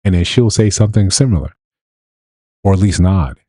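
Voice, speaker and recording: A man giving blunt, animated livestream commentary, often mimicking other people in quotes. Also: low-pitched, moderate pace, no room sound. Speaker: streamer and commentator.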